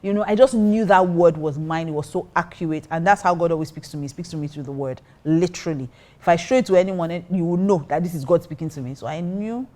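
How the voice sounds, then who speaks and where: A woman's voice: on the low side, quick pace, darkish tone. A woman pastor telling a personal story in casual talk, acting out her own reactions. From Nigeria. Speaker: pastor and co-host.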